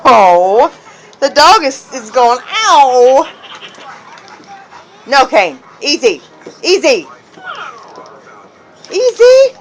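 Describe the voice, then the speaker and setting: A woman's voice: high-pitched, very animated, extremely slow, long pauses, slight background noise. A woman filming her dog at home, laughing and scolding it with short repeated commands. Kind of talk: casual home video chatter.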